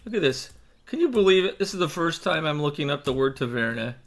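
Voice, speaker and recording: Give me a chatty, self-mocking man with a lively, slightly high voice, talking into a desk mic. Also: fast talker. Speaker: stage actor. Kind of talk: casual vlog chat. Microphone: desk microphone.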